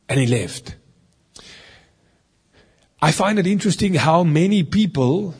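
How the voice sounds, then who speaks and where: A middle-aged man delivers a teaching sermon with a husky, slightly breathy voice that sits a little high for a man. He speaks earnestly and conversationally, as a minister explaining scripture to his listeners. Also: darkish tone.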